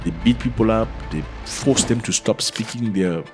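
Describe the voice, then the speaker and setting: A man's voice: on the low side, moderate pace, a little mellow, faint music behind. A man hosting a casual commentary video, talking to his viewers in a conversational way and throwing rhetorical questions at them. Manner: addresses viewers as fellas. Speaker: commentary channel host.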